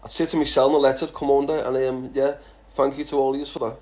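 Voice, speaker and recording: His level, slightly mellow voice sits at medium pitch and moves at a quick pace. A social media personality from England in his thirties, he answers follower questions in a relaxed chat, swearing, speaking bluntly, and calling people lad.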